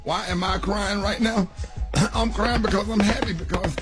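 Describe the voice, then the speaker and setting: A man's voice: high voice, fairly even intonation, moderate pace, over music. A man hosting morning radio, reading an ad in a joking, mock-emotional way. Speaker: radio host. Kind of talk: comic ad read on morning radio.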